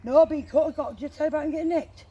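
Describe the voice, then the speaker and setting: High-voiced swearing woman outdoors. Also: very fast, warm tone, dull audio, slight background noise. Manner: swears freely, tells a heated story. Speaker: walking companion. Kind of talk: casual chat. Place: outdoors on a woodland walk.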